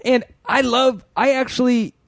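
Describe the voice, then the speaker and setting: Animated man in his thirties, dry studio. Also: a little slow, vocal fry, no echo. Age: 30s. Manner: animated storyteller, swings pitch when quoting people. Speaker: podcast co-host. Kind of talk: casual podcast chat. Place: podcast studio.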